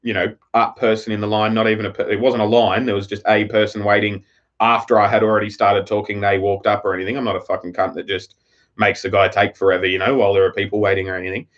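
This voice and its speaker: In slightly dull lo-fi audio, a fast-talking Australian man with a fairly low, level, slightly bright voice chats casually on a live stream, wandering through a profane story.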